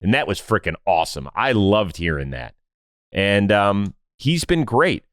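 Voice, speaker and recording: A man with a fairly low voice, recorded close and dry. His pitch moves a lot as he tells stories, and he drops into lower voices to quote other people. It sounds like easygoing podcast chat. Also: unhurried, no room sound. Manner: animated storyteller, acts out quotes in lowered voices. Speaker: podcast guest. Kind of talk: casual conversation.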